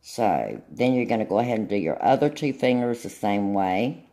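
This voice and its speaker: Very low-voiced woman, chatty. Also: lively intonation, normal speed, mellow. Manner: chatty, keeps checking in with "okay?". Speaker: nail tutorial host. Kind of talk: casual demonstration tutorial.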